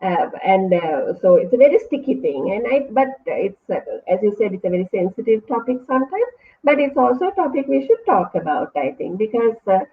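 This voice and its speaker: A woman, a lecturer speaking as a guest, giving a measured, thoughtful answer with frequent pauses and "uh" fillers. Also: medium pitch, very animated. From Sri Lanka. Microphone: online video call. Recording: tinny, distant call audio.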